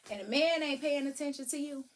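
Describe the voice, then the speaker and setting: A woman giving casual, animated parenting advice, breaking into sing-song sounds. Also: sits high, brisk. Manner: animated, preachy, sings and vocalizes to demonstrate. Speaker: parenting vlogger.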